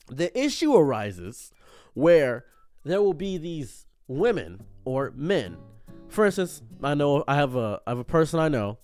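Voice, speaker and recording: An animated male streamer riffs through an unscripted commentary monologue, drifting onto tangents and frequently cutting himself off mid-sentence. He speaks in a mid-range voice, with no echo in the recording.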